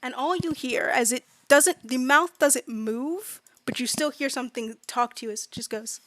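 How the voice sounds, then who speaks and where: A woman's voice: sits high, moderate pace, fairly bright tone, no room sound, clean studio sound. A woman game master casually narrating a tabletop game, with many fillers in her descriptions.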